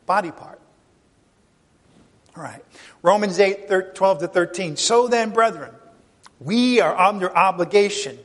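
A man's voice: high-pitched, animated, measured pace, pauses often, a bit bright, long reverb tail. A man preaching a sermon, emphatic and full of rhetorical questions to the congregation. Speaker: pastor.

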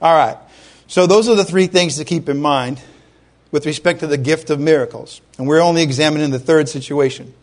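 A middle-aged man from Rhode Island preaching a sermon as a pastor, conversational and animated, with frequent asides to the congregation. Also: a little high, a little fast.

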